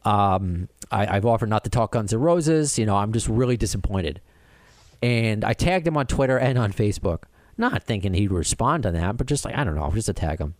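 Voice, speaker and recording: A man's voice: on the low side, a little fast, no echo, clean studio sound. A middle-aged man, a podcast host, telling a rambling story in casual chat, full of restarts and acted-out quotes. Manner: animated, rambling with many restarts and quoted dialogue.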